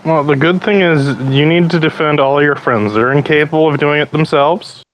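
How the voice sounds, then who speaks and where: A man's voice: a little high, normal speed, slight background noise, low-quality recording. A man in a casual voice chat, laid-back, dry and sarcastic, swearing casually.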